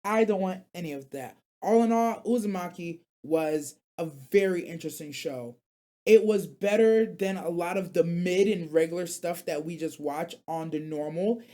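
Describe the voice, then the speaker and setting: A man's voice: on the high side, moderate pace, mellow. A man hosting a live anime radio stream, chatting casually in a rambling, slangy way and reacting to chat while recovering from being sick. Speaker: radio show host.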